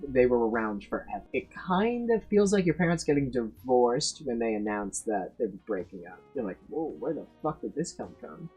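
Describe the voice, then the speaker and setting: A man in his twenties talks through a casual ranking monologue, blunt and profane, stumbling into restarts as he pushes his opinions. His voice sits at a middling pitch with a slightly husky edge. Faint music plays softly in the background. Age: 20s. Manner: blunt, profane, emphatic rants with frequent restarts. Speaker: tier list video creator.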